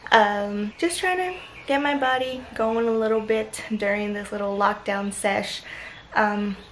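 A woman's voice: mid-range voice, a little slow, a little hiss or hum, rough recording. A young woman chatting casually and animatedly in a home vlog, swearing now and then. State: out of breath after a workout. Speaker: vlogger.

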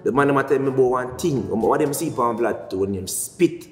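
A young Jamaican man telling a story in animated, slangy patois for his vlog. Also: mid-range voice, fairly quick. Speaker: vlogger. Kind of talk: casual storytelling. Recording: echoey room, faint music.

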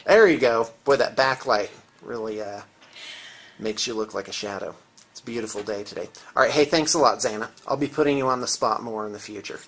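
The host of a painting studio channel gives a casual tour, his lowish, slightly bright voice brisk, chatty and teasing. It was filmed on a handheld camera and recorded through its mic.

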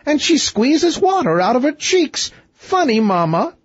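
A man voicing a giddy, carefree teenage princess in a shrill, delighted squeal. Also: very animated, unhurried, no echo, lo-fi sound, exaggerated voice. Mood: gleeful.

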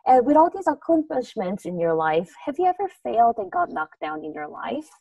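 A woman's voice: high-pitched, big pitch swings, fairly quick, gravelly, no echo, narrow, tinny audio. Polite woman host, distant dry mic. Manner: polite, encouraging. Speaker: interview host. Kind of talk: online interview.

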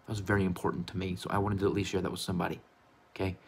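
A low, gravelly, slightly rough voice delivers rapid-fire lines in a flat way. He's an American gaming YouTuber in his room, hosting a casual vlog that's goofy, rambling and playfully affectionate.

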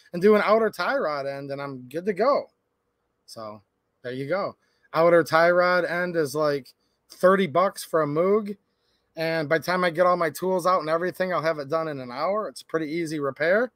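A man's voice: fairly high pitch, fairly bright tone, no room sound. A man in his thirties hosting a livestream, chatting casually and telling a rambling story with lots of fillers. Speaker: livestream host.

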